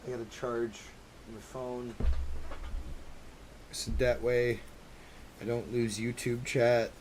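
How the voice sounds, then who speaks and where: A man's voice: mid-range voice, flat delivery, slow, a little mellow, a little hiss or hum. A man giving casual, joking commentary while streaming a game. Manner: joking, laughing asides. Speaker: gaming streamer. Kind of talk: casual let's play commentary.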